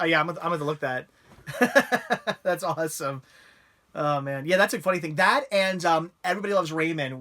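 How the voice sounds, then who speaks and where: Man, bright tense voice, slightly high, casual livestream host, rambling movie chat. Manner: rambling, enthusiastic movie talk. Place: living room couch.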